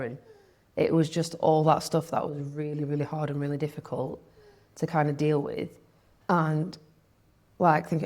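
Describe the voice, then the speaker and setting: A woman's voice: low-pitched, flat delivery, normal speed, darkish tone. A young woman, talking candidly as an interview guest, chatty, with lots of "like" and quoted thoughts.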